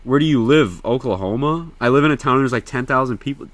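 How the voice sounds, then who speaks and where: A young man from Indiana, chatting casually to viewers on a livestream in an excitable, slangy, profane way. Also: mid-range voice, quick pace.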